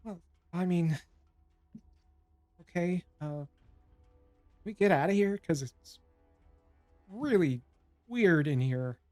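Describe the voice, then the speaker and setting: A man plays a skittish young halfling woman who squeaks out her worries in a raised, anxious voice. She sounds rattled and keeps blurting quick questions. It is a tabletop game voice. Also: expressive, darkish tone, no room sound, faint music behind. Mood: flustered. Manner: panicky, breathless questions. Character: flustered young female halfling, jittery.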